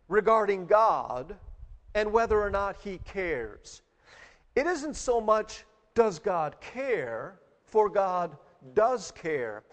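A male pastor preaching a sermon, telling a story with pauses and fillers before building to emphatic preaching. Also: sits high, long reverb tail.

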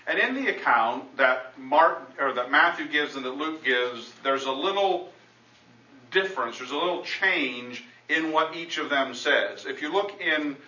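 A man's voice: fairly high pitch, measured pace, bright, forceful tone. A man preaching a sermon and teaching from the Bible in a conversational way, breaking off to restart and reading scripture aloud. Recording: roomy, dull sound from a distant mic.

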